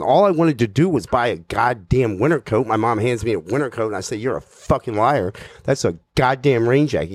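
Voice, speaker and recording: A man with a deep, low voice delivers a stand-up comedy story, rambling and swearing nearly every line. He mocks himself as he goes. The sound is close and dry with no room echo. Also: a little mellow. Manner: rambling, swears constantly, self-mocking.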